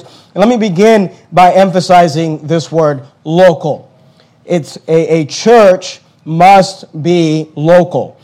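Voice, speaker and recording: A man's voice: sits high, a little mellow. A male pastor preaching a sermon in church, emphatic and repeating key phrases for stress.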